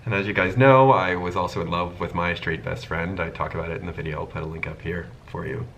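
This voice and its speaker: A man with a low voice tells a personal storytime to his channel's viewers. He keeps it casual and animated, acting out each line of dialogue he quotes. A faint noise sits under his voice. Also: fast, low-quality recording. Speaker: YouTube host.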